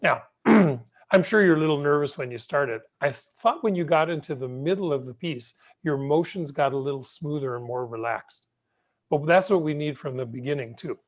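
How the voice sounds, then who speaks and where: A patient, encouraging middle-aged man coaching a piano student over a video call. His voice sits a little high and comes through muffled and lo-fi. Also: moderate pace. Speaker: piano teacher. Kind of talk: online piano masterclass.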